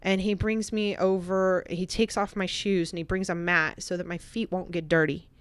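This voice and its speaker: Low-voiced woman telling an emotional story. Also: normal speed, clear, resonant tone, no echo. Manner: animated, swings from excited to hushed. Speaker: podcast guest.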